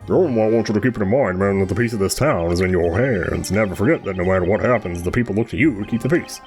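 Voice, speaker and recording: An actor voicing a proud, commanding knight captain in a video game, stately and paternal. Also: male voice, on the low side, fast talker, darkish tone, faint music behind, lightly acted.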